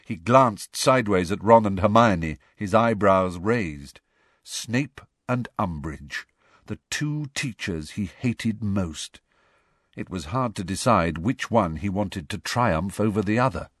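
A man reading a novel aloud in steady, measured narration. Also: lowish voice, no echo, studio quality. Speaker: audiobook reader. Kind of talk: scripted narration.

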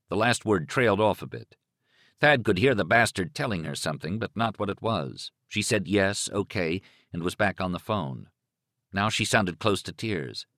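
An audiobook narrator with a low-pitched male voice reads a novel aloud in an expressive, dramatic style at normal speed. The scripted narration is recorded dry with a clean studio sound.

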